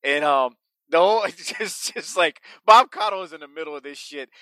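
A man hosting a casual podcast, talking excitably, swearing and laughing often. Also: on the high side, brisk, no echo. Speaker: podcast host.

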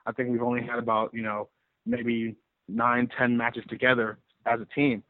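A man who wrestles, telling stories in a rambling, animated way in a casual interview. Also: medium pitch, moderate pace. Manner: rambling, animated storyteller with many restarts. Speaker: pro wrestler guest. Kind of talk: casual interview over the phone. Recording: tinny phone line.

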